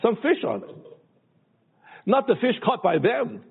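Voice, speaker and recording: Male preacher, slow halting sermon, raspy voice, phone-quality audio in a big echoing hall. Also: very high-pitched, sing-song. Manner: slow, halting delivery with many pauses and restarts.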